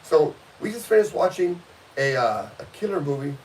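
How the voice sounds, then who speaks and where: A man hosting a casual podcast, loud and showy, teasing his co-host in banter. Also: on the high side, big pitch swings, moderate pace. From California. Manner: boisterous showman, teasing banter. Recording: distant mic with hiss.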